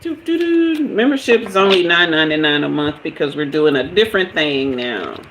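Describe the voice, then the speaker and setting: A woman's voice: deep voice, expressive, brisk, fairly bright tone, a little hiss or hum, poor audio. Chatty woman doing live tarot. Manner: hyper, laughing often, chatty, talks to viewers. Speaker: tarot reader. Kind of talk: live-stream tarot reading.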